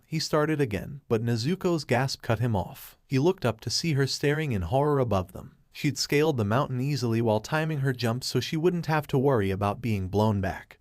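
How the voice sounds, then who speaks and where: A man reading a fan fiction story aloud as narrator, with an even, steady storytelling delivery. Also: mid-range voice, normal speed, hardly any pauses, no echo, clean studio sound.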